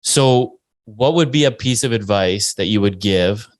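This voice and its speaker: A man's voice: lowish voice, measured pace, no echo. A man hosting a podcast, agreeing with his guest and asking follow-up questions. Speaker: podcast host. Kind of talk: casual podcast interview.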